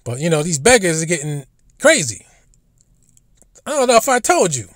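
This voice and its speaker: A man's voice: fairly high pitch, very animated, normal speed, fairly bright tone, no room sound, studio quality. A man telling stories in a casual, rambling monologue, blunt and profane, often stumbling over and repeating his words as a commentary host.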